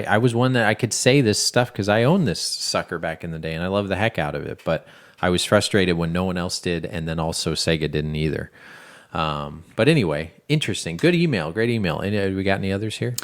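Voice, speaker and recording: Guy with a really low voice rambling on his podcast, lots of restarts. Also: fairly quick. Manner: rambling and chatty, with frequent restarts. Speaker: podcast co-host. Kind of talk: casual chat.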